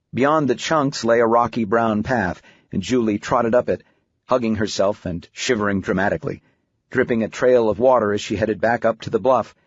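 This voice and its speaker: Male narrator, mid pitch, husky, dry booth, dull recording; measured reading. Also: no echo. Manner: even, measured storytelling. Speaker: audiobook narrator. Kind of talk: scripted narration. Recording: dull, muffled audiobook recording.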